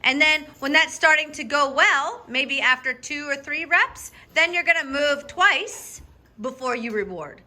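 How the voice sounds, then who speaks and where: Clear and bright, the slightly high voice of a woman dog trainer leads a student through a live training session. She's brisk, upbeat, and directive, frequently asking "okay?" and occasionally erupting in spirited, high-pitched praise for the dog.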